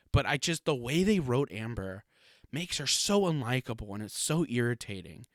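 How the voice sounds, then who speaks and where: A man's voice: medium pitch, sing-song, normal speed, no echo, clean studio sound. A man hosting a solo podcast in a casual, rambling way, swearing freely and laughing often. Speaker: podcast host.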